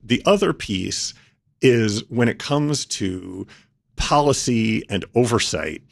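A man answering interview questions, laying out his points in a measured, methodical way. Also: mid-range voice, expressive, gravelly. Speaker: policy expert guest.

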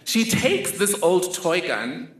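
Man, storyteller with dry humor, bright and a bit high, roomy hall sound. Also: sing-song, takes it slowly. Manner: humorous, vivid personal storytelling. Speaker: speaker. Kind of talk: storytelling talk.

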